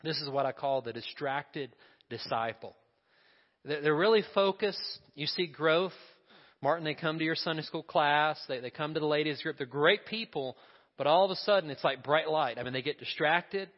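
A male pastor with a slightly raised voice preaches in a relaxed, conversational way, often turning to the congregation with questions and side remarks. The voice rings with a long hall reverb, and the recording is dull and lo-fi. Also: on the high side, normal speed. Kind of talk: sermon.

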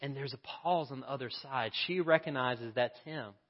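A man telling a story in a sermon, lively and acting out the voices of its people. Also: medium pitch, moderate pace, long reverb tail, highs cut off. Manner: animated, acts out the voices in his story. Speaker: preacher.

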